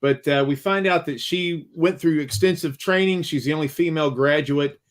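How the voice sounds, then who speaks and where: Man, higher-pitched voice, blunt opinionated movie critique, podcast host. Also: normal speed. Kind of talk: casual movie discussion.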